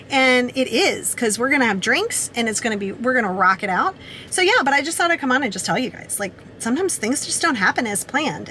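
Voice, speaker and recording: A woman talks casually to her camera in an upbeat, chatty way, throwing in "like" often. Her voice sits a little high, with a light hiss of noise behind her. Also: sharp tone. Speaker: vlogger. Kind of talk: casual vlog talk to camera.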